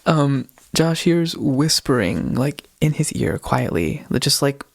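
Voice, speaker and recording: A man's voice: mid-range voice, animated, slow pace, vocal fry. A man co-hosting a casual podcast, retelling a ghost video in a rambling way, often stopping to correct himself and giggling. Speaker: podcast co-host.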